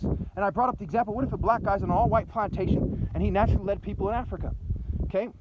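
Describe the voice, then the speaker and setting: Agitated fast-talking man, lo-fi recording. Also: sits high. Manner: agitated, repetitive, fast and intense. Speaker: vlogger. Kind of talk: rambling recounting of an argument. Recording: dull lo-fi recording with faint noise.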